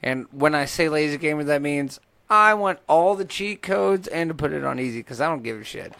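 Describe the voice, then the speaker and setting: A man's voice: fairly high pitch, animated, fairly quick, vocal fry, sharp tone, no echo. Laid-back swearing podcast man. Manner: laid-back, profane banter. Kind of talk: casual podcast chat.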